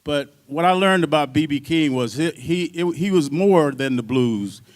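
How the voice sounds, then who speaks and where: A man on a symposium panel telling lively stories from his years as a drummer, laughing and acting out voices as he goes. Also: a little high, moderate pace. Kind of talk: storytelling at a panel talk. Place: university symposium.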